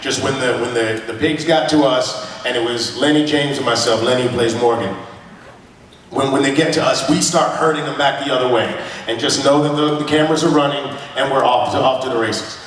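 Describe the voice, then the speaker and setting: A man's voice: medium pitch, fairly quick, recorded from a distance, a crowd in the background. A man on a convention panel, telling stories casually and playfully to the audience and laughing often. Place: large convention hall. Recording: echoey hall, mic heard from afar.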